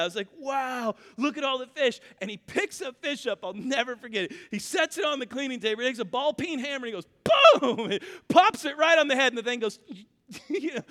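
A man preaching a sermon as pastor, telling a story with animated, acted-out quotes. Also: high-pitched. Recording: reverberant hall.

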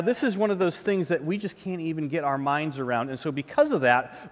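A male pastor delivering a conversational sermon, often restarting words and checking in with the listeners. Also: fairly high pitch. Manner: conversational preaching, repeats words, often asks "right?". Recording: long reverb of a large hall.

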